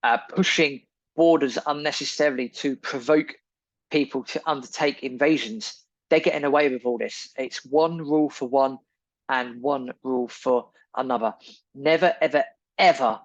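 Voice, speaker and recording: A man's voice: mid-range voice, normal speed, no echo, lo-fi sound. A man hosting a podcast, delivering an indignant, emphatic opinion monologue full of repeated phrases. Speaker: podcast host.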